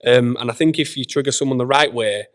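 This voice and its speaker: A man from Leeds, a guest personal trainer, chatting frankly and swearing casually, with plenty of quick yeahs. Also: mid-range voice. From Leeds, England. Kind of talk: casual chat. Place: gym.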